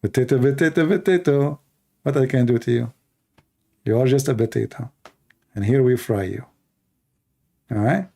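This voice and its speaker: A tired man rambles through an unscripted livestream monologue, combative and mocking. His voice is dark and mellow, sitting at an ordinary male pitch. He sounds worn after hours of talking. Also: normal speed, gravelly, pauses often, breathy edge. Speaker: livestream host.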